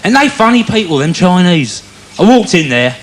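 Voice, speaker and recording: A man's voice: high-pitched, very animated, normal speed, a little hiss or hum. A man doing a rambling stand-up routine, chatty and storytelling. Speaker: stand-up comedian.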